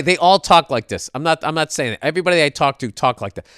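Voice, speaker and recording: A man's voice: on the high side, lively intonation, fast talker, few pauses, fairly bright tone, smooth, dry recording, clean studio sound. A man hosting a podcast, telling a comic story in a profane, exasperated rant. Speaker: podcast host. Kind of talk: comedic monologue rant.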